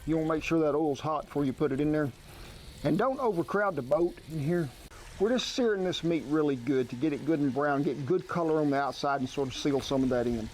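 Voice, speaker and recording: A man's voice: a little high, fairly quick, a little mellow, slight background noise. A man giving a cooking demonstration outdoors at a grill in a folksy, homespun way. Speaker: outdoor cook.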